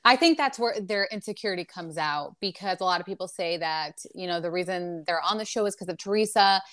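Woman interviewer, low voice, nods along with short replies, dry sound. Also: fairly quick, a bit bright, dry recording. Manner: agreeing, brief affirmations.

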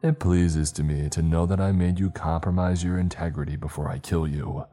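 A man voicing a deep, snarling beast villain. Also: steady tone, normal speed, mellow. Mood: menacing taunts. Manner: snarling, taunting threats. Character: hulking rabid male beast-man villain, cruel, mocking.

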